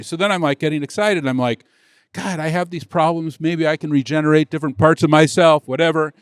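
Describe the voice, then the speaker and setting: A middle-aged man, a tech executive, telling a rambling story on a conference stage, acting out the dialogue with excitement. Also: on the high side, no room sound, studio quality. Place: conference stage before an audience.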